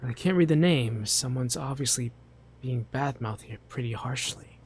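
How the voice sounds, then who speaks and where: A man's voice: mid-range voice, normal speed, noisy background. A man doing casual let's play commentary on a horror game, reading the text aloud in a jumpy, nervous, joking way.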